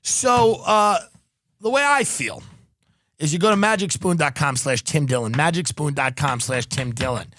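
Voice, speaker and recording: A man's voice: on the high side, lively intonation, moderate pace, bright, forceful tone, slight background noise. A male podcast host doing a rambling, sarcastic comedic ad read, full of profanity.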